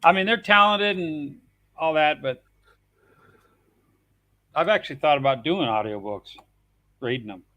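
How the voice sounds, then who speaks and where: A man's voice: a little high, expressive, a little slow, pauses often, no echo, dull audio. A man co-hosting a live stream in casual chat, telling stories, laughing often and now and then singing a line. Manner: storytelling, laughs often, breaks into song.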